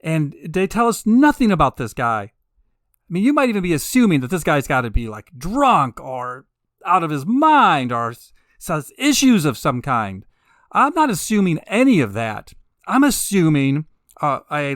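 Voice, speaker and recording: A male podcast host with a voice pitched a little above the usual, recorded close and dry with no room sound. He talks in a loose, sarcastic way, tossing in laughing asides. He then swells into slow, emphatic, drawn-out peaks. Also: very animated, fairly bright tone, no echo. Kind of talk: casual monologue.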